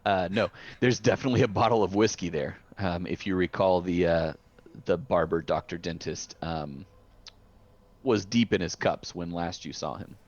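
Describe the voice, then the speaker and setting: A man's voice: deep voice, normal speed. A man narrating a tabletop game as game master, hesitant with many fillers and restarts. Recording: dull lo-fi sound.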